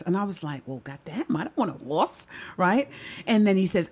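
A middle-aged woman doing stand-up, telling stories in a chatty, animated way and often asking the audience "right?". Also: fairly low pitch, moderate pace. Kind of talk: stand-up storytelling.

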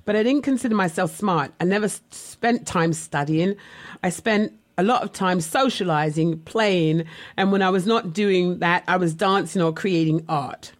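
A woman's voice: fairly low pitch, moderate pace. A woman telling her own life story in a candid, reflective, conversational way, as an author looking back on her childhood. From West Indian family. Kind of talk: personal memoir storytelling.

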